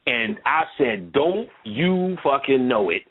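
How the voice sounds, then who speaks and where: A man's voice: medium pitch, very animated, slow pace, slight background noise. A man lecturing in casual conversation, telling a rambling, profane story full of asides. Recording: tinny phone-like line.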